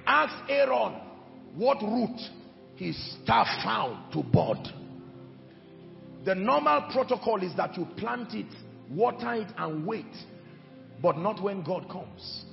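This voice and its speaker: Male preacher, fiery sermon delivery, gravelly edge, dull roomy church recording. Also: high-pitched, sing-song, slow pace, long pauses. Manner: impassioned preaching with shouted peaks. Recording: echoey hall, dull sound, music behind. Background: music.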